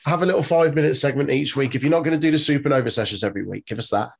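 A man's voice: medium pitch, racing, gravelly, husky. A man co-hosting a casual podcast, joking and laughing often. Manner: laughs often, jokey interjections. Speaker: podcast co-host. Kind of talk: casual wrestling chat.

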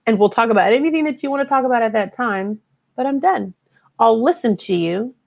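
A woman's voice: medium pitch, vocal fry, a little mellow. A woman life coach giving an earnest, conversational motivational talk who acts out her inner voice now and then. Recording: dull lo-fi recording.

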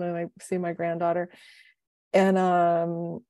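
A woman's voice: fairly low pitch, moderate pace, dry recording. Emotional, rambling middle-aged woman, dry sound. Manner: emotional, rambling, animated self-talk. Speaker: life coach and podcast co-host. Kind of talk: casual podcast chat.

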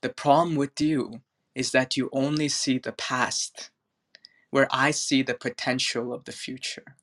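A man voicing a gentle old guru. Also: medium pitch, flat delivery, measured pace. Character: kind, calm old male guru.

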